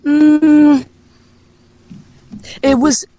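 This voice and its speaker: A woman's voice: sits high, little pitch movement, extremely slow, mellow. A woman in her forties from Miami, a guest on a phone-in chat, telling stories playfully and laughing often. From Miami, Florida. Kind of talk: casual chat on a phone call.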